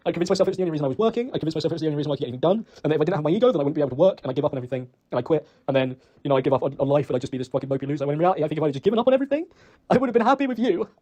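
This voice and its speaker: A young British man talks rapidly in a slightly high, expressive, warm voice, emotional and choked up. He is an ex-boyfriend recording a personal voice message to apologize, rambling, blaming himself and swearing often.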